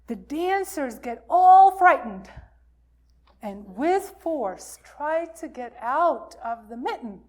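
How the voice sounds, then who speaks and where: A woman minister reading a folktale aloud to a congregation in a slow, expressive storytelling manner. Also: sits high.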